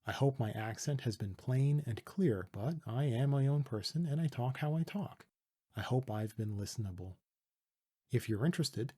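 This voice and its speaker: A Canadian man from Toronto calmly teaching letter sounds, patiently demonstrating pronunciation with a close mic. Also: medium pitch, breathy edge. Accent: Canadian English. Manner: calm, patient, deliberate demonstrating. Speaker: language teacher. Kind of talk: pronunciation tutorial.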